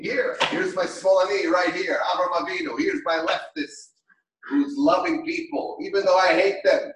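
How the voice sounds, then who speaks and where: A man's voice: on the high side, moderate pace, far from the mic. A middle-aged man teaching an impassioned Torah class, speaking emphatically and rhetorically. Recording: echoey room, from off mic.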